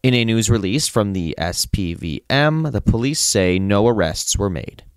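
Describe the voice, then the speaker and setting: A man's voice: fairly low pitch, smooth, no room sound, studio quality. Man reading radio news. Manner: steady, measured newsreading. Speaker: campus radio news reporter. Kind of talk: read news report. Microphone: studio microphone.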